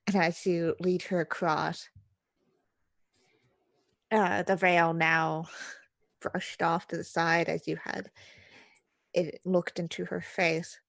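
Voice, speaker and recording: A young adult woman narrating a tabletop horror game as game master, slow and hesitant with fillers. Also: fairly low pitch, flat delivery, vocal fry, fairly bright tone, dry recording.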